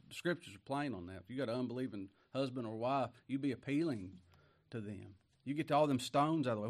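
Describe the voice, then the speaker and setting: A man preaching a sermon in a plain-spoken style, rising to loud emphasis when he reads scripture. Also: mid-range voice.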